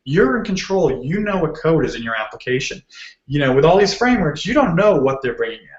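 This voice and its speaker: A man's voice: on the high side, very animated, fairly quick. A man with a Boston accent giving a casual, joking technical talk as a guest speaker, full of ums. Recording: roomy muffled video call audio.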